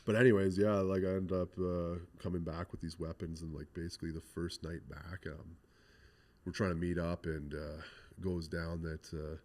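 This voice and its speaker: A man's voice: low-pitched, level tone, moderate pace, a little mellow. A young adult man from Canada, a podcast guest telling a rambling story full of swearing and "like.". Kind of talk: casual storytelling interview.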